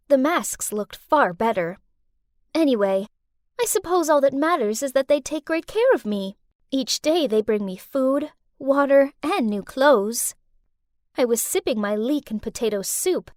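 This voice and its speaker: A young woman narrates an animated story in the first person, wide-eyed and lively. Her voice is high and swoops up and down with a lot of expression. The sound is dry and close. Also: no echo.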